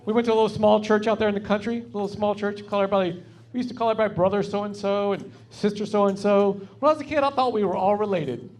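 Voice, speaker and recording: A man's voice: high voice, quick pace, darkish tone. A man with a Southern US accent from North Carolina doing a stand-up comedy set on a club stage, telling folksy, wry stories into a stage mic. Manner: folksy, wry storytelling delivery.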